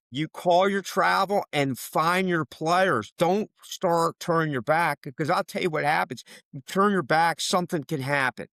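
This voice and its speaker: Emphatic veteran man, fairly high voice. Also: fairly bright tone, dry recording. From DC area. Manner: emphatic, repeats key points. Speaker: basketball official, guest. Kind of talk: interview, coaching advice.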